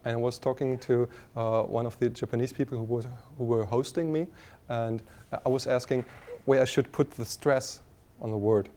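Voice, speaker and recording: A man with a German accent giving a university lecture, halting with many fillers and restarts, often asking the class questions. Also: medium pitch, steady tone, mellow.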